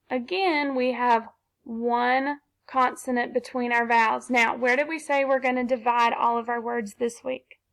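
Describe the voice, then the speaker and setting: A patient woman teacher guides young children through phonics, tapping out each sound before blending it into a word. Her voice sits high, with a gravelly edge to it, and she takes her time. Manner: slow, patient, sounding out syllables.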